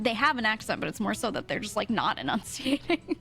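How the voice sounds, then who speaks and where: A woman's voice: a little high, brisk, faint music behind. A young woman streamer, chatting casually with chat, laughing often and swearing freely. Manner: laughing, swearing, animated asides.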